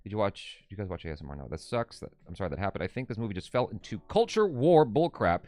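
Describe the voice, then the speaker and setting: Animated low-voiced man reading chat. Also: fast, no echo. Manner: animated, reads viewer comments aloud. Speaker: co-host reading live chat. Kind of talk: casual live stream chat.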